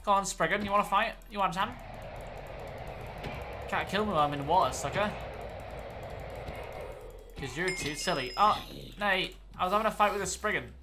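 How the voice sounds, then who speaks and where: A woman's voice: lowish voice, normal speed, long pauses, music in the background. A woman streaming gameplay, talking to herself with panicky outbursts, yelps and swearing. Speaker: game streamer. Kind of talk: live gameplay commentary.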